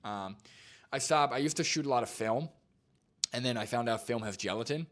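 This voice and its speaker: A man's voice: medium pitch, brisk, a bit bright. A young man hosting a live stream, reacting to a video and answering chat in a laid-back, rambling way full of fillers. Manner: laid-back, filler-heavy, says "like" and "dude" a lot.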